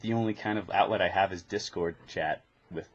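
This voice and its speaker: A man's voice: low voice, fairly quick, dull audio, a little hiss or hum. A man chatting on a podcast, telling stories with geeky enthusiasm. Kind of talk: casual chat.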